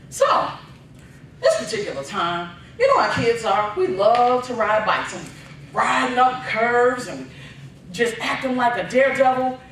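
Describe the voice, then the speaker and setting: A man giving a humorous contest speech, telling family stories with punchlines in an animated storytelling manner, heard from afar in a large hall. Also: high voice, slight background noise. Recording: echoey hall, from far off.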